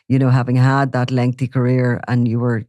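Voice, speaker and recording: A man's voice: medium pitch, monotone, fairly quick, warm tone, no echo. A man hosting an interview, asking probing questions and summing up his guest's points. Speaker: interviewer, podcast host. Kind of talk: conversational interview.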